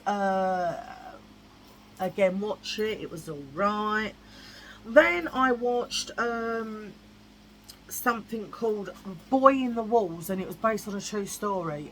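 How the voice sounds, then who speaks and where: A woman's voice: mid-range voice, a bit bright, slight background noise, poor audio. A woman vlogging in a blunt, chatty way, repeating herself for emphasis. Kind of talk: casual chat.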